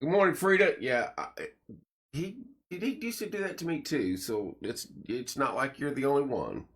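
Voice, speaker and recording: A man's voice: mid-range voice, expressive, normal speed, fairly bright tone. A man hosting a casual morning live stream from a small studio room, greeting viewers by name and reading sponsor plugs in a folksy, joking way.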